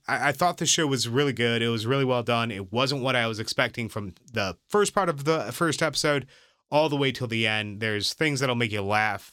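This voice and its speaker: Bright-voiced guy rambling on a podcast, lots of likes and you knows, dry close sound. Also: medium pitch, smooth, dry recording. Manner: rambling, many fillers and restarts. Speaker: podcast co-host. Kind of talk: casual chat.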